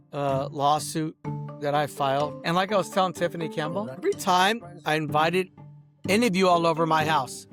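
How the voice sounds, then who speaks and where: A man delivering an angry, profane rant outdoors, addressing people directly and peppering his speech with "bro" and "dog". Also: a little high. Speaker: host. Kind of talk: angry ranting monologue.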